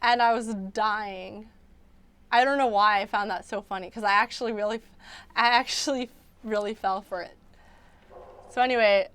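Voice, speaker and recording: Smooth-voiced young woman chatting casually. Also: medium pitch, steady tone, moderate pace, long pauses, a bit bright, dry recording. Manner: rambling, filler-heavy, many restarts. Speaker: livestream host. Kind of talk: casual livestream chat.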